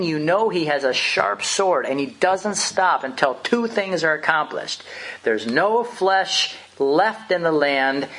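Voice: mid-range voice, fairly bright tone, breathy edge. A preacher delivering an impassioned, emphatic sermon, full of rhetorical questions.

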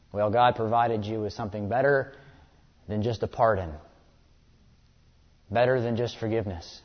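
A man preaching a sermon earnestly, often repeating words as he presses a point. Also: fairly low pitch. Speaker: pastor. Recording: echoey hall, dull lo-fi sound.

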